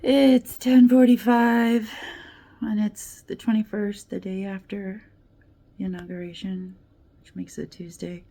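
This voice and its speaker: An American woman talking casually in a diary vlog, telling an animated story and acting out the other people in it. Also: medium pitch, a little slow, creaky, slight background noise. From United States. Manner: animated storytelling, quoting voices, laughing, swearing. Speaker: vlogger.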